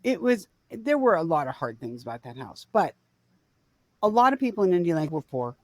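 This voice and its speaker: A woman's voice: fairly low pitch, very animated, brisk, dry recording. Dry-sounding woman telling a family story. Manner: rambling, self-correcting storyteller. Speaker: podcast co-host. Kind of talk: casual storytelling chat.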